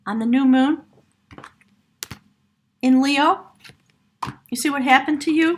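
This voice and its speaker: A woman's voice: high voice, expressive, unhurried, long pauses. A woman giving an earnest, emotional tarot reading, laughing often and at times choked up, her voice cracking. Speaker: tarot reader.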